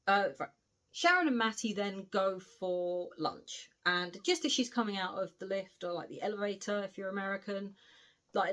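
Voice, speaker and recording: A British woman chats through the whole plot of a book, animated and cheeky, with frank asides and the occasional swear word. Her voice sits at an ordinary middle pitch for a woman. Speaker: book reviewer. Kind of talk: casual spoiler recap of a novel.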